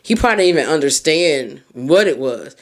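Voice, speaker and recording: Earnest woman podcast host giving advice. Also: fairly quick. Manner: earnest, speaks straight to the listener; expressive pitch swings on emphasis. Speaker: podcast host and mindset coach. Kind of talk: heartfelt advice monologue.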